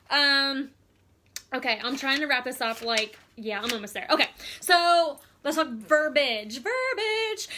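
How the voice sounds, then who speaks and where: A woman's voice: high voice, pushed and bright. A young adult woman giving a casual, chatty training talk to her team, upbeat and full of fillers. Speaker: team leader.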